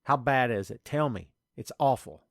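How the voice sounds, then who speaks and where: A man's voice: medium pitch, animated, moderate pace, creaky, no echo, clean studio sound. A man hosting a podcast in casual chat, ranting in an exasperated way. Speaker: podcast host.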